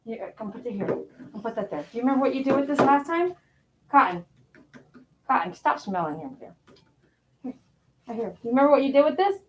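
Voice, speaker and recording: A woman's voice: sits high, lively intonation, a little fast, pauses often, lo-fi sound, a little hiss or hum. A woman dog groomer on a live stream, cooing affectionately as she talks to a dog. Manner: cooing, affectionate talk to a pet.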